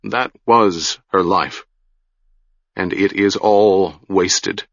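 A man's voice: low voice, very slow, gravelly, no echo, lo-fi sound, exaggerated voice. A man playing a stern, sorrowful mage. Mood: strained, sorrowful. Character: stern, grave male mage, gentle and sorrowful.

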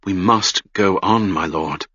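Audiobook: man as a soft-spoken young companion, bright-toned, gentle, dry close sound. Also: medium pitch, slow, no echo. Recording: dull lo-fi recording.

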